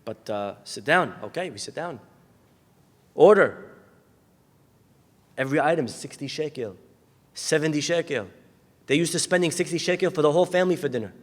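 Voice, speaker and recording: A rabbi preaching to his listeners in a lecture hall, with long reverb trailing after each phrase. His voice sits fairly high for a man. He tells his story animatedly, acting out each of its characters. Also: expressive, normal speed, pauses often. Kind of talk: sermon with storytelling.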